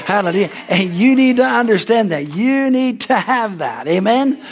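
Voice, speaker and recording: A pastor with a high voice preaches a fervent sermon at a church service at normal speed, dotting his lines with hallelujahs and amens. When he acts out a story, he shouts excitedly.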